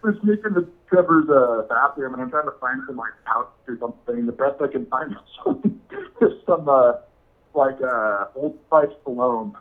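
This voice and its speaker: A man's voice: mid-range voice, animated, normal speed, phone-quality sound. A man telling a funny story in casual chat, laughing often and saying "dude" a lot. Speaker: podcast guest.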